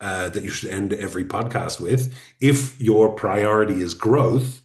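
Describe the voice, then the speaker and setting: Man, guest expert, relaxed explanatory tone, lowish voice, echoey room. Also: a little fast. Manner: relaxed, explanatory advice-giving. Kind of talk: webinar interview.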